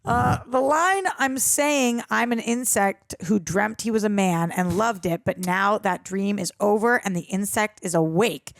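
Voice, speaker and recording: A woman's voice: medium pitch, a little slow, creaky, few pauses, dry recording. A young adult woman co-hosting a movie reaction show, chatting casually, reading out trivia and laughing often. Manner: giggly, repeats a running joke, often laughs mid-sentence.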